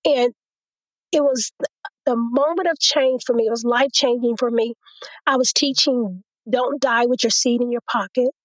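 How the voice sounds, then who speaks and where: A woman's voice: on the high side, normal speed, no echo, lo-fi sound. A woman guest in an interview, telling a personal testimony and acting out what others said to her. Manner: storytelling, quotes others in a lively retelling.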